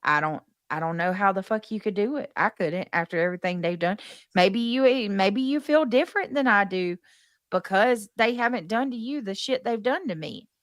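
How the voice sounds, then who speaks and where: A woman's voice: mid-range voice, lively intonation, normal speed, dry recording. A woman streamer rants indignantly to her livestream chat. She swears freely and stumbles through restarts as she talks. The sound is dry and close to the mic. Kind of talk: casual livestream rant.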